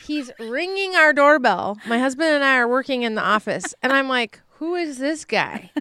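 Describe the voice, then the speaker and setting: Animated woman telling a story. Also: sits high, moderate pace, clear, resonant tone, no echo. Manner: animated, exasperated storytelling with acted-out quotes. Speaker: podcast co-host. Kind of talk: casual chat, storytelling.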